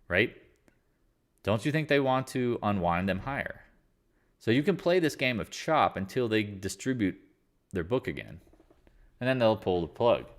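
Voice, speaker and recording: A man hosting a live market stream from his living room, ranting sarcastically and mocking others in put-on voices. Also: on the low side. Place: living room home office.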